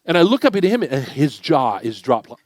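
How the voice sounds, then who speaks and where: Middle-aged male guest preacher, fairly high voice, dry close sound, storytelling sermon with acted-out dialogue. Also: normal speed, dry recording. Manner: animated, conversational, acts out dialogue. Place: church sanctuary.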